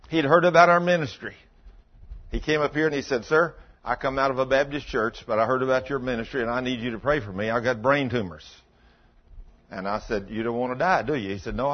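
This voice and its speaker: Husky folksy preacher man, lo-fi. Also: a little high. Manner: folksy storytelling, quoting both sides of conversations. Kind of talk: sermon with acted-out dialogue.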